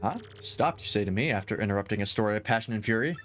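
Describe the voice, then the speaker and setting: A man's voice: lowish voice, animated, fast talker, fairly bright tone, faint music behind. A man playing a pompous, flamboyant rich merchant. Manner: grandiose, theatrical, formal phrasing.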